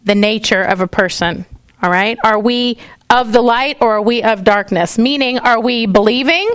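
A woman teaching a Bible study class, checking in with the group often and stopping to find her place in her notes. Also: a little high. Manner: checks in often with "okay?" and "all right?"; stops to correct herself and find her place. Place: classroom with a whiteboard.

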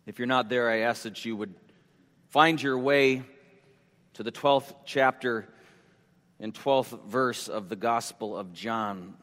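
Slow, deliberate preaching man in a hall. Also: mid-range voice, fairly bright tone. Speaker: pastor. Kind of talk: sermon. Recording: long hall reverb.

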